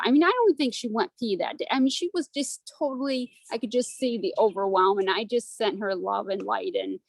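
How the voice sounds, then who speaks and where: A woman's voice: mid-range voice, gravelly, no echo, rough recording. A woman telling a personal story on a video call in a rambling, earnest way, close to tears. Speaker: study group member.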